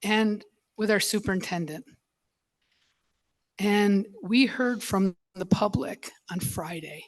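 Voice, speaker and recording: A school board member, a woman, speaking at a public meeting in an emotional, halting way, choked up and apologizing as she goes. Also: mid-range voice.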